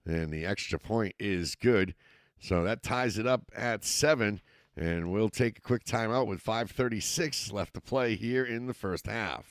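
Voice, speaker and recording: A Massachusetts man with a slight local accent calls play-by-play for a youth football game, steady but rising in excitement on scoring plays. His voice is lowish and measured, recorded clean in a studio with no room sound.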